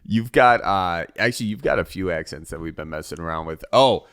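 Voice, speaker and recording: Low-voiced man hosting a casual podcast. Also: fairly quick, a bit bright, smooth. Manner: joking, easygoing banter. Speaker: podcast host. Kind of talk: casual chat.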